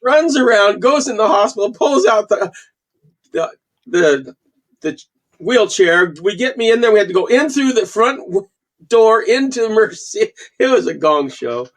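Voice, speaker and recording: A man in his sixties from Canada, a guest falconer telling animated stories in a casual interview and acting out the quotes. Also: sits high, normal speed. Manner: animated storyteller, acts out quotes.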